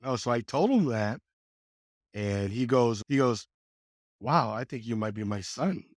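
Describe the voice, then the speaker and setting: A man in his sixties from California, a podcast guest telling his life story in a casual, animated way and acting out the quoted dialogue. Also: measured pace, no echo, clean studio sound. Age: 60s. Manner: animated, acts out quoted dialogue with lively pitch jumps. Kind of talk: conversational storytelling.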